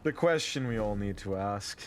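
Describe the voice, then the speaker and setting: A man's voice: fairly low pitch, lively intonation, normal speed, a little hiss or hum. A man hosting a gaming session, chatting casually with dry, joking banter while he plays. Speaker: gaming channel host.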